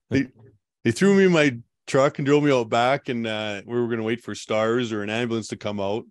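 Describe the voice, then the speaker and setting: A man's voice: medium pitch, normal speed, dry recording, clean studio sound. A man in a casual interview, telling a long story in a rambling way and laughing now and then. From Canada. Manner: rambling, laughs while recounting. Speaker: guest telling his survival story.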